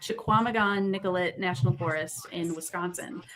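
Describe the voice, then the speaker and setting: A woman, a psychic medium guest, telling a personal story in a rambling, casual way, full of fillers, excited and buzzing. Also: fairly low pitch, normal speed, a little hiss or hum.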